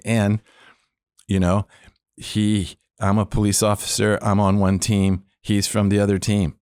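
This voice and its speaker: A middle-aged former police officer shares a faith testimony as a podcast guest, his low voice unhurried. He tells it animatedly, acting out the voices he quotes, and the studio sound is clean with no echo.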